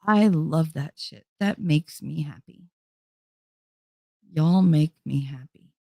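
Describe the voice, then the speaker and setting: This streamer talks slowly with vocal fry and a darkish tone, her desk microphone giving clean studio sound without echo. She chats casually with her viewers on a livestream, cursing freely, laughing often and swinging between high and low pitch.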